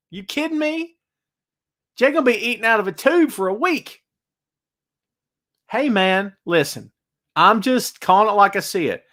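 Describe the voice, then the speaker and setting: A man hosting a wrestling chat show, talking casually in an animated, ranting way and laughing often. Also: on the high side. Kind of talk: casual live-chat rant.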